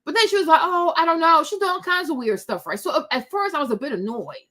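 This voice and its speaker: Sassy woman vlogger chatting to the camera, high bright voice, keeps laughing. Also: fast. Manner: animated, sassy, laughs often, acts out quotes. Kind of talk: casual storytime chat to viewers.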